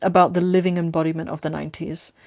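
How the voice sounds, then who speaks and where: A woman voicing a wary, sharp-tongued young woman in a read-aloud story. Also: lowish voice, little pitch movement, quick pace, gravelly, no room sound, clean studio sound. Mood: guarded. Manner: curt, guarded.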